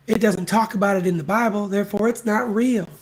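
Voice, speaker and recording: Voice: mid-range voice, steady tone, a little fast. A podcast host ranting solo, blunt and scornful, swearing freely and hammering points home by repeating them. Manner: emphatic repetition. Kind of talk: solo opinion rant.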